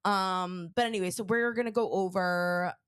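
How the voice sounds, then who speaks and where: A woman's voice: lowish voice, fairly even intonation, normal speed, clean tone, no room sound, studio quality. A woman co-hosting a podcast in casual chat, rambling with lots of fillers while getting over an illness. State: sick, recovering. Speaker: podcast co-host. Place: Connecticut.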